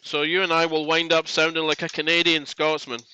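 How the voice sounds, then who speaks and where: Chatty, bright-voiced man on a live stream. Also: fairly high pitch, flat delivery, a little fast, clean tone, dry recording, highs cut off. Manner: chatty, rambling, jokey. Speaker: woodworking live stream host. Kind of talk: casual live stream chat. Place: home workshop.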